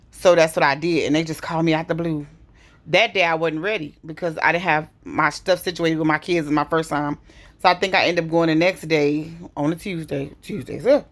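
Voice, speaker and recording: A woman, telling a personal story in an emotional, conversational way and often repeating herself. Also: fairly low pitch. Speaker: vlogger.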